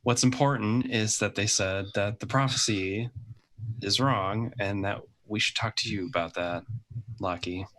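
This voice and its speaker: A man playing a tabletop role-playing game, talking in a hurried, hushing way. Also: lowish voice, fairly even intonation. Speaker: player.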